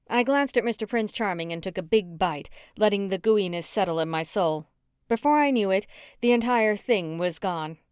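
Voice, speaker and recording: A woman narrating a cozy mystery audiobook in first person, with an even storytelling delivery. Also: medium pitch, moderate pace, smooth, no room sound, clean studio sound.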